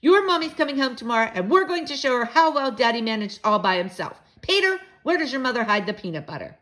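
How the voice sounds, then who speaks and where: A cheerful, boastful dad, as a woman reading a storybook puts him on, hearty and emphatic. He talks a bit higher and louder than a plain reading, with a lively swing. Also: quick pace. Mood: flustered. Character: cheerful, boastful father cooking for his kids.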